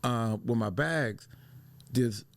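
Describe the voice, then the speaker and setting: A middle-aged man from Detroit tells a story on a podcast, animated and full of restarts. His voice sits at an ordinary pitch and is recorded dry, with no room sound. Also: slow, gravelly, dry recording. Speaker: podcast co-host. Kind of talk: casual discussion.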